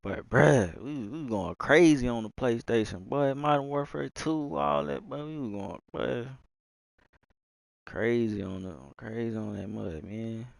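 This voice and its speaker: A man's voice: medium pitch, unhurried, gravelly, no echo. A young man from Texas, rambling casually into his mic with lots of fillers, sighs and swearing. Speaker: gamer streamer.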